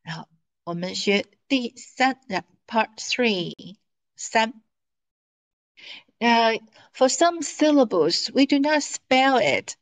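A woman's voice: a little high, expressive, takes it slowly, pauses often, low-quality recording. A woman teaching an online lesson in English, patient, stretching out syllables as she models them over a video call. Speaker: Mandarin teacher.

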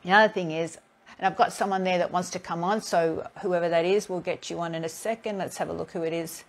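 A woman's voice: fairly low pitch, quick pace. A woman healing therapist talking casually in a live stream, telling her own stories with energy and acting out both sides of each exchange. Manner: animated storyteller who acts out both sides of encounters. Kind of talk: casual spiritual talk.

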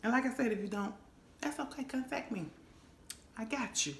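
Her voice fairly high with vocal fry and at normal speed, a woman hosts a homey kitchen cooking vlog, with a little hiss or hum in the background. She hums and exclaims over the food in folksy fashion, addressing viewers as honey and baby.

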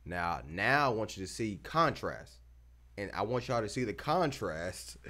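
A man's voice: fairly low pitch, unhurried. A man hosting a reaction video, talking casually in slang and pressing his points with emphasis. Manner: animated, emphatic, slangy, laughs between points.

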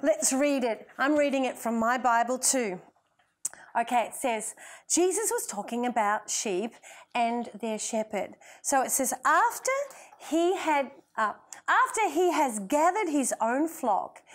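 A woman's voice: high-pitched, animated, unhurried. A woman leading a playful, encouraging Bible lesson for children in a kitchen. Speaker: children's minister.

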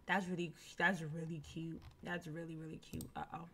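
A woman's voice: deep voice, little pitch movement, normal speed, husky. A woman casually reacting to a game trailer in a chatty vlog, repeating herself and laughing easily.

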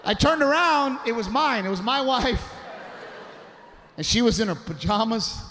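High-voiced man doing animated stand-up. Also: moderate pace. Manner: animated storytelling, acts out voices, shouts punchlines. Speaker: stand-up comedian. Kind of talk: stand-up comedy routine. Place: comedy stage before a live audience. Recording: live show with loud audience noise. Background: audience laughter.

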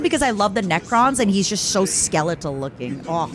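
Excitable woman streamer, lively pitch. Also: moderate pace, hardly any pauses, soft background music. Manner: excitable, gushing, playful. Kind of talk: live gameplay commentary.

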